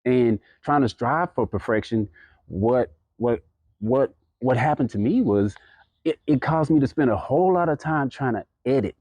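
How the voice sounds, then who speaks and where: A man's voice: mid-range voice, lively intonation, normal speed, a little mellow, dry recording. A man talking to camera, giving earnest, encouraging advice with plenty of fillers and restarts. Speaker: podcast creator giving advice. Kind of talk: casual motivational talk to camera.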